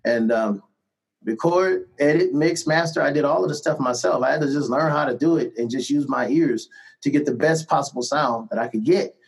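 Middle-aged guy musician telling stories, kinda high voice, lots of "man" and "right?". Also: moderate pace, creaky, low-quality recording. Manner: animated anecdotes with frequent laughs and repeated "man" and "right?". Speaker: musician guest. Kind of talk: casual storytelling interview.

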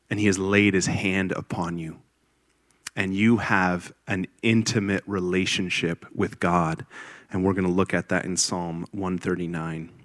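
A man's voice: low-pitched, fairly bright tone, dry recording, studio quality. A man preaching a sermon to a congregation, earnest and explanatory, with emphatic bursts and light teasing of his listeners.

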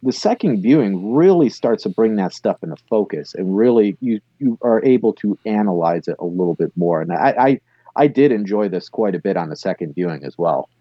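A man co-hosting a podcast, talking casually about a TV episode in a relaxed, enthusiastic way. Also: on the low side, a little fast, husky, dry recording, muffled recording. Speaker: podcast co-host. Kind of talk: casual chat reviewing an episode.

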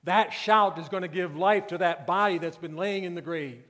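Pastor preaching in an echoing hall. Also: male voice, high-pitched, moderate pace. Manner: earnest preaching, swings from hushed to loud emphatic peaks. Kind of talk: sermon. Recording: long reverb of a church hall.

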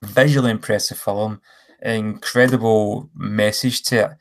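A man's voice: fairly low pitch, steady tone, measured pace. A man co-hosting a podcast, rambling enthusiastically about films and correcting himself as he goes. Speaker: podcast co-host. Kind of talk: casual film chat.

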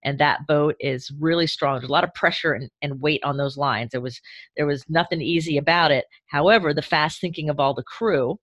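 A man's voice: a little high, a little fast, a bit bright, dry recording, muffled recording. A man in casual chat, supportive and reflective. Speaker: co-host, sailing crew.

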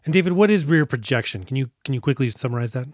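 Man, podcast co-host, casual recap, jokey, profane, mid pitch. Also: expressive, fast talker, a little mellow, dry recording, clean studio sound. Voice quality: profane, jokey, acts out movie lines. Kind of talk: casual movie podcast chat.

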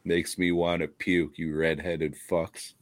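A man's voice: sits low, flat delivery, takes it slowly. A man co-hosting a podcast, ranting profanely in casual comedic chat and laughing often. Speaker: podcast co-host.

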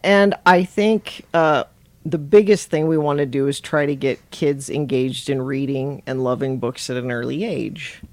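A woman's voice: rumbling low, a little slow, darkish tone, no room sound. A woman hosting a podcast, chatting casually and reading a children's book aloud, laughing often. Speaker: podcast host.

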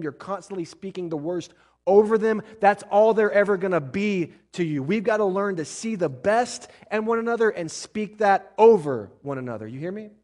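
A man's voice: sits high, darkish tone. Fervent male pastor preaching a sermon. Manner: preaching with rising and falling intensity, asks the congregation questions.

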